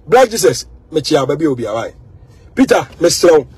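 Ghanaian male commentator, high and raspy, emphatic and repetitive. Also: very animated, brisk, darkish tone, no room sound. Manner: emphatic and repetitive, mixing in English phrases. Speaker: social media commentator. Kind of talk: animated monologue.

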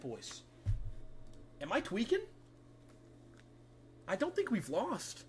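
A young man streaming a shooter game, reacting loudly and swearing at the plays. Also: high-pitched, slow, pauses often, slight background noise. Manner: excitable, swearing, yells and laughs at plays. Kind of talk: live game streaming commentary.

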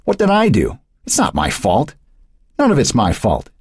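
A man's voice: mid-range voice, huge pitch swings, moderate pace, husky, pitched above the performer's own voice, exaggerated voice. A man voicing an angry, defiant teenage boy who lashes out in sullen bursts. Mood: resentful, defiant. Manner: sullen, flaring outbursts.

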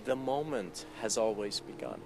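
A man's voice: on the low side, expressive, gravelly, noisy background. Man giving a meditative spiritual lecture. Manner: meditative, slow, reflective. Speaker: spiritual teacher.

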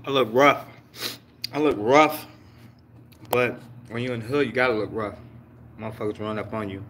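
A man's voice: mid-range voice, fairly even intonation, moderate pace, a bit bright, slight background noise. A man hosting a casual livestream, chatting loosely with viewers, teasing and cursing freely. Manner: loose, profane, teasing banter with chat. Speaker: livestream host.

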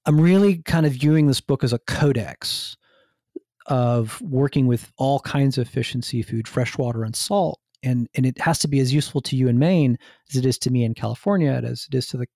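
A man's voice: medium pitch, brisk, gravelly, mellow, dry recording, clean studio sound. A man from New Jersey, a guest on a podcast interview, talking enthusiastically and rambling with many restarts. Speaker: guest, food writer and hunter.

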